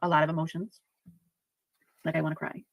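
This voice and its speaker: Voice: mid-range voice, little pitch movement, a little fast, vocal fry, no echo, rough recording. A medium in a played clip, speaking soothing, repetitive reassurances to a spirit. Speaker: self-styled spirit medium.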